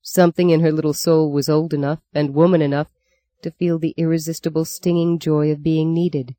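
A narrator reading a novel aloud in a measured, expressive way. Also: medium pitch, no echo. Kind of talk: audiobook narration.

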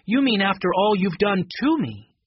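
Man reading cheerful young actor, lifted pitch, husky, storybook. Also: sing-song, moderate pace, no room sound, highs cut off, exaggerated voice. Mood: accusing.

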